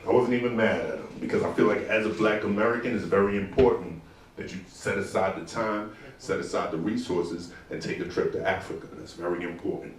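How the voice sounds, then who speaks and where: A man's voice: low-pitched, fairly quick. A man from New doing profane stand-up comedy on a club stage. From New York. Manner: animated, profane, bursts into mock shouting. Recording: echoey club from far off, crowd.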